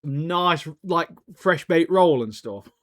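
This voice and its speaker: A man's voice: on the high side, animated, slow pace, a bit bright, dry recording. Jokey man on a dry mic. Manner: laid-back and jokey, ends phrases with "mate". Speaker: podcast co-host. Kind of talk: casual banter about anime and TV.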